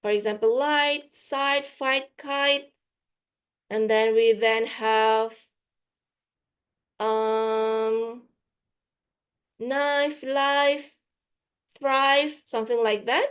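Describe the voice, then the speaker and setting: A woman's voice: on the high side, steady tone, very slow, pauses often, clean tone. A woman with an Indonesian accent gives a guest lecture to teachers, giving classroom examples and slipping into Indonesian now and then. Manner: mixes Indonesian into English, frequent "for example".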